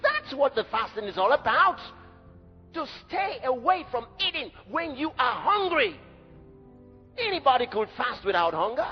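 A man's voice: very high-pitched, sing-song, moderate pace, husky. A man preaching a sermon in an emphatic, dramatic way. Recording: dull echoey hall recording with faint music.

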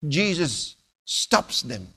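A man preaching a sermon, telling stories dramatically with sudden loud bursts and hushed drops. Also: on the high side, big pitch swings, very slow, breathy edge.

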